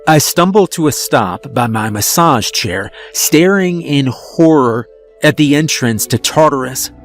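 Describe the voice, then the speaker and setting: A man narrating a first-person horror story in a slow, tense storytelling manner. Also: medium pitch, animated. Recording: dry studio voice-over with soft music.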